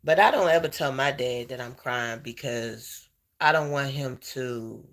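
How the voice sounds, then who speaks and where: Slow, tearful man talking to viewers. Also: medium pitch, gravelly, a bit bright. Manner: halting, emotional, trails off. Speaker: vlogger. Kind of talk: heartfelt personal chat to viewers.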